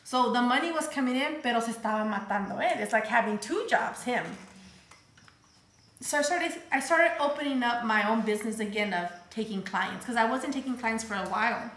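A woman's voice: on the high side, fairly quick, a bit bright, reverberant. A woman telling a personal story in casual talk, mixing English and Spanish and acting out what others said. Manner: switches between English and Spanish mid-sentence; acts out quoted voices, turns emotional.

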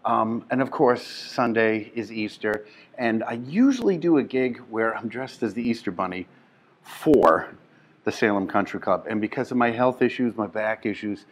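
Male comic host, low-ish voice, hushed rambling chat, phone mic in a club lobby. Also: moderate pace. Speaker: comedian and show host. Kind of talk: casual chat. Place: club lobby during a show.

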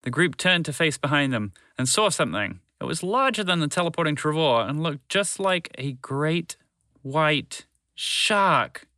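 A man narrating a children's fantasy story in an expressive read-aloud manner. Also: fairly high pitch, unhurried, no echo.

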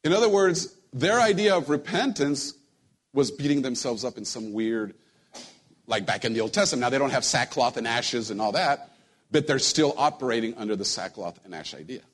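Husky guy preaching a laid back sermon, chatty, jokes with the church, stumbles and repeats words. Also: medium pitch, expressive, moderate pace, a bit bright. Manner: conversational preaching, joking with the congregation, repeats words. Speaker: pastor. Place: church sanctuary.

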